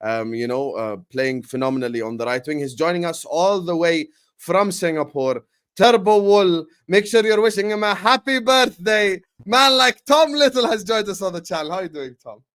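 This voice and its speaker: A man hosts a casual football livestream, his voice sitting a little higher than usual for a man. He talks with hype and energy, padded with plenty of ums and uhs. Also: normal speed, clean tone. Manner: energetic, hype-style announcing with frequent fillers.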